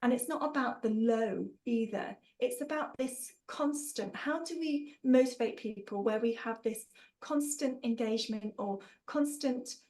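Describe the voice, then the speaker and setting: A woman's voice: on the high side, measured pace, darkish tone, rough recording. A woman leading an online training webinar, upbeat and jokey, reading out participants' answers and praising them. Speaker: workshop trainer.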